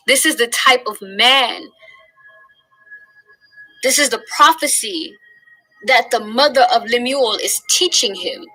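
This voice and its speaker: A woman teaching from the Bible in a casual, earnest way, slowly stressing key phrases. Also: fairly high pitch, pushed and bright, soft background music, rough recording. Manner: earnest, conversational, drawn-out emphasis on key phrases.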